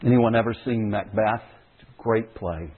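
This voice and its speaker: A man's voice: fairly low pitch, normal speed, slightly rough. A man preaching a sermon as a pastor, speaking with emphasis and repeating key phrases for stress. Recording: tinny phone-like audio.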